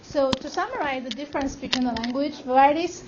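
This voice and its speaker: A woman's voice: high voice, brisk. A woman from China with a Chinese accent, giving a classroom lecture as a language instructor, patiently checking that students follow. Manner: explains patiently, checks understanding with "right?". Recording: muffled classroom recording with background noise.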